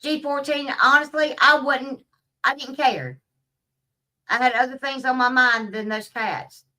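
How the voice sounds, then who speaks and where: A woman's voice: high-pitched, a little slow, pushed and bright, far from the mic. A woman vlogger ranting casually, blunt and heavily profane, rambling from one story to the next. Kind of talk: casual rant to camera.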